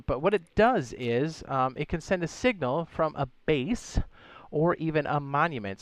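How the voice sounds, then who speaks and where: A game streamer in a chatty mood breaks down how things work step by step, reading questions from chat aloud and sprinkling in playful remarks and goofy sound effects. His voice is medium in pitch, recorded without echo.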